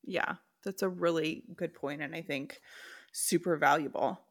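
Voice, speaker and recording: A woman with a low-pitched, steady voice hosts a podcast at a slightly slow pace. She reads listeners' stories out loud, then settles into frank, casual conversation with her guest.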